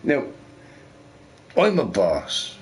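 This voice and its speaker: A young man rambling casually while streaming a game, swearing freely and telling stories in an animated way. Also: on the low side, extremely slow. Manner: profane, rambling, animated storytelling. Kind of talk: casual rambling chat over gameplay.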